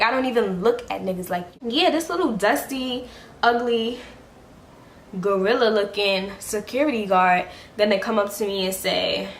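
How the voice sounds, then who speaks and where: A young woman beauty vlogger telling a story in a heated, blunt, profane way while getting ready. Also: mid-range voice. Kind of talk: get-ready-with-me storytime chat. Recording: echoey room, faint background hiss.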